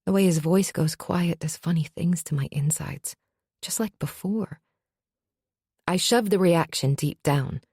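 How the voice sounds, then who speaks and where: Low, gravelly woman narrating an audiobook. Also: measured pace, warm tone, no echo, clean studio sound. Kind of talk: first-person fantasy audiobook narration.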